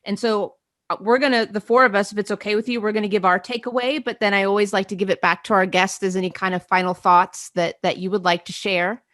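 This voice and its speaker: A woman hosting a podcast, relaxed and playful as she hands the turn to each guest. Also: mid-range voice, fast, no room sound, studio quality. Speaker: podcast host.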